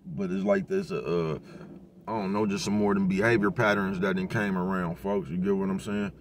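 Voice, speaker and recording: Laid-back man talking slang, low voice. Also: fairly even intonation, moderate pace, slight background noise. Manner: laid-back, profane street talk, constant "you know what I'm talking about". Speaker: vlogger giving life advice. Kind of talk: casual motivational monologue.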